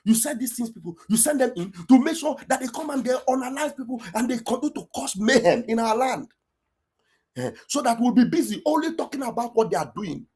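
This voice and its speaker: A woman's voice: fairly high pitch, lively intonation, fairly quick, mellow, slightly rough. A woman with an Igbo Nigerian accent delivering an impassioned, accusatory political rant, raising her voice at times. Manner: fiery, accusatory, raises voice at times. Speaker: online political commentator.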